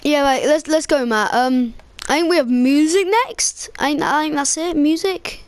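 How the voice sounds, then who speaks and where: A woman's voice: sits high, normal speed. A woman playing a student in a casual game role-play, talking hesitantly with many fillers.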